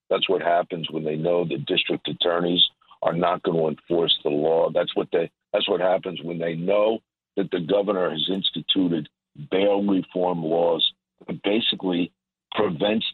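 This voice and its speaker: A man with a low, husky voice drives home his points again and again in forceful political commentary. He comes through a narrow, tinny phone line that sounds dry and close. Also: no room sound. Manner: emphatic, repetitive, indignant. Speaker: guest commentator.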